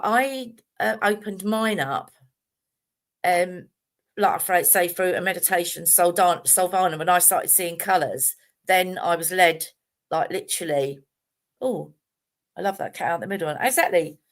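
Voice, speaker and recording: A middle-aged woman, talking casually and chattily about meditation on a live stream, rambling with fillers and restarts. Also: mid-range voice. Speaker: meditation teacher.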